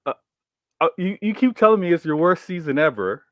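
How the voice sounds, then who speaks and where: A man co-hosting a casual football debate, pushing back with measured, wry answers that hedge before they commit. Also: sits high, sing-song, no echo, highs cut off. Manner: measured, wry, hedging rebuttals. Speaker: co-host.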